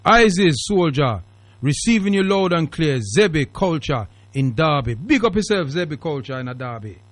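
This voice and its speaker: A man's voice: on the high side, big pitch swings, moderate pace, no echo. A man with a British accent strongly tinged with Jamaican Patois, hosting a call-in radio talk show in an emphatic, preachy manner. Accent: Jamaican Patois-tinged British English. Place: radio studio.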